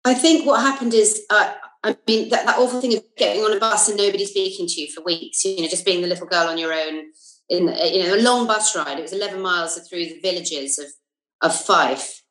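Middle-aged southern English actress, lower voice, chatty storyteller. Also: female voice, a little fast. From England. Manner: lively storyteller with many fillers and asides. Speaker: podcast guest, comedian and actress. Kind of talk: casual interview anecdotes. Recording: roomy echo.

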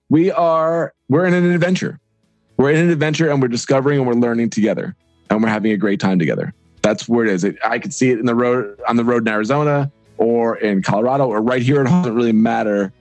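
A man in his forties, a podcast guest and author, talking in a casual, energetic and rambling way and acting out little imagined dialogues. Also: mid-range voice, no echo. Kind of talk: casual interview talk.

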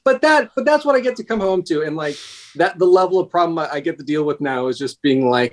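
A man's voice: a little high, fairly quick. Rambling, chatty man telling stories. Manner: rambling, self-interrupting storyteller. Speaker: podcast guest, paramedic. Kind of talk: casual conversation.

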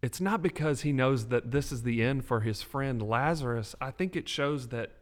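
Animated preaching man. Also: medium pitch, moderate pace. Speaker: podcast co-host. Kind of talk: faith podcast discussion.

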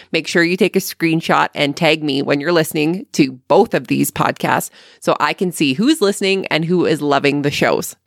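A Canadian woman hosts a podcast and reads her intro and promos in an upbeat, chatty way. Her voice has a gravelly edge. The sound is close and dry, with no room around it. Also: deep voice, fairly bright tone, dry recording. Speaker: podcast host.

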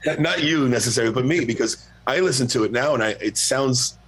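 A middle-aged man, a guest singer, telling a long story in a relaxed, profane, self-mocking way. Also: mid-range voice, fast, background noise. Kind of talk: casual storytelling.

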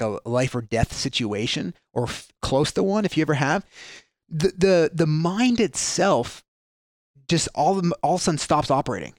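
A man's voice: medium pitch, no echo, studio quality. A man talking through ideas in a casual podcast conversation, acting out quoted people as he goes and often restarting his sentences. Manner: animated storyteller, acts out quoted voices, frequent restarts. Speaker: guest speaker on mindset.

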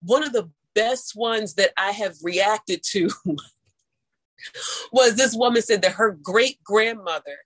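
Animated St. Louis woman storyteller. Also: slow pace, rough recording. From St. Louis, USA. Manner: animated, laughing storyteller with big pitch jumps. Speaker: storyteller guest. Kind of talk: casual chat.

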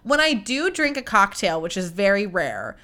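A woman's voice: medium pitch, sing-song, moderate pace, pushed and bright. A young woman hosting her own podcast, chatting in a bubbly, rambling way with lots of fillers. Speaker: podcast host. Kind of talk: casual chat.

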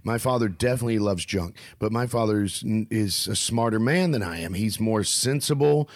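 A Southern man with a lowish voice tells stories in a loose, rambling way during a casual podcast chat. He is recorded close and dry, with almost no room sound. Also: normal speed, dry recording. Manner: rambling, storytelling.

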